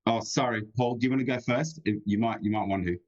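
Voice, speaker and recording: A man's voice: medium pitch, quick pace, darkish tone. A man with an Australian accent, a guest on a live online show, talking earnestly and emphatically. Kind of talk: casual live-stream chat. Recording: dull lo-fi sound.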